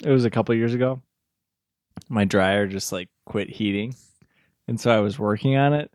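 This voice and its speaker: A man in a casual chat, reacting quickly with short interjections and questions. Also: fairly low pitch, darkish tone, no echo, clean studio sound. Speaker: friend in a chat.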